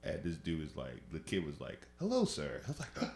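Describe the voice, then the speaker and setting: A man's voice: very deep voice, fairly quick, gravelly. A man, a comedian guest on a podcast, telling stories in casual chat and acting out the people he quotes with lots of laughter.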